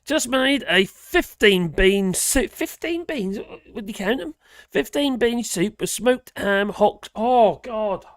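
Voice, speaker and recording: Live-stream host, gravelly voice, rambling chat reading comments aloud, dry close sound. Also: medium pitch, animated, slow pace, no room sound. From Norwich, England. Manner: rambling, chatty, reacts to viewer comments aloud.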